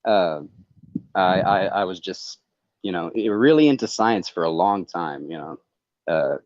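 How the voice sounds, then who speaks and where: A man with a very deep voice talks on a livestream call, earnest and confessional, stopping and restarting his sentences as he rambles on. The sound is dull and lo-fi, and dry. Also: no echo. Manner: halting and rambling, many restarts. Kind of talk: casual chat on a livestream call.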